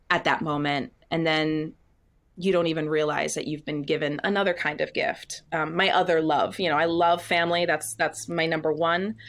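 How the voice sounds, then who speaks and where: Woman guest, chatty and animated, slightly low voice, acts out quotes. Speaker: Broadway actress, guest. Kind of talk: casual interview chat.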